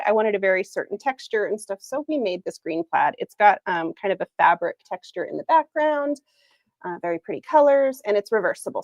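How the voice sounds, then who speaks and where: A woman's voice: medium pitch, no echo. A woman hosting a casual livestream product reveal, chatty and upbeat, laughing often. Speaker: planner shop owner hosting a livestream. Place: Arizona.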